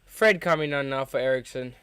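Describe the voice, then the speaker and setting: A young man hosts a live football watchalong, talking through the match and reacting excitably as a fan. His voice is smooth and clear at a middle pitch, recorded dry and close with no room around it. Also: a little fast, dry recording.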